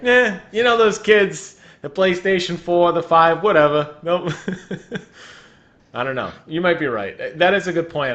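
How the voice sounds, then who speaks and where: A man's voice: mid-range voice, a bit bright, lo-fi sound. Giggly young man co-hosting a podcast. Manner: giggly, jokey, slips into silly voices. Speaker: podcast co-host. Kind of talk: casual chat.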